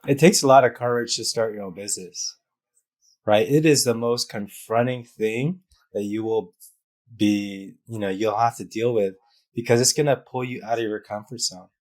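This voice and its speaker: A man with a fairly low voice shares a painful story as a guest on a business interview show. He talks openly and from the heart, leaning on fillers as he goes. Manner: open and heartfelt, many fillers. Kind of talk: emotional personal story in interview.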